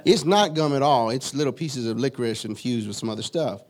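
A man preaching a sermon, moving from solemn teaching to lively storytelling. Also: mid-range voice, fairly quick. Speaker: pastor.

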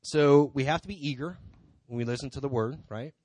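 A man's voice: mid-range voice, fairly quick, darkish tone, no room sound. Man rambling through a church testimony. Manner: rambling and conversational, many "you know" asides. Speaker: church member speaking from the pulpit. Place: church sanctuary.

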